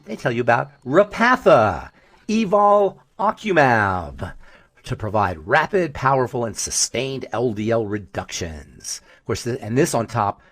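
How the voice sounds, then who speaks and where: Male podcast co-host, lively pitch swings, rhetorical questions, dry close sound. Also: moderate pace, hardly any pauses, no echo. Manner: animated, storytelling, preachy rhetorical questions. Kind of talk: casual health podcast chat.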